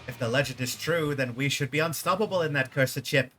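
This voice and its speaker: A man's voice: mid-range voice, brisk, sharp tone, a little hiss or hum, natural voice. Man putting on a pompous cowardly leader. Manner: theatrical, self-important, dramatic. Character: pompous cowardly male leader, grandiose and vain.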